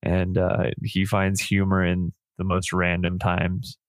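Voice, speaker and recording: A man co-hosting a casual podcast in a fairly low voice. He talks in a relaxed, rambling way, laughs often and swears now and then. The recording is dry and close-miked. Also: takes it slowly, dry recording. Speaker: podcast co-host. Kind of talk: casual movie review banter.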